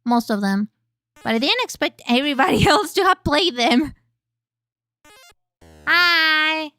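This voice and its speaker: A young woman streams games from home, speaking into a close mic in a very dry room. Her voice sits high and sounds bright and clear. She talks loosely with chat, curses casually, and breaks into sudden squeals while she plays. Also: sing-song, normal speed, no echo, faint music behind. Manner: chatty and cursing, reading chat aloud, bursts of squeals while playing. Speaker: VTuber streamer.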